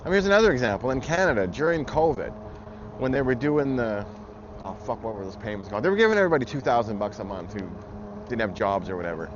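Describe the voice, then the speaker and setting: A man of medium pitch vlogs fast in a sing-song way, his political rant angry, blunt, and heavy with profanity. The recording is muffled and noisy with traffic.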